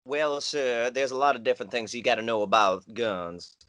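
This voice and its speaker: A man's voice: medium pitch, steady tone, moderate pace, a bit bright, no room sound, natural voice. A man playing a rambling, gun-loving Southern job candidate in a comedy sketch, speaking with a Southern US accent and odd formal wording over a video call.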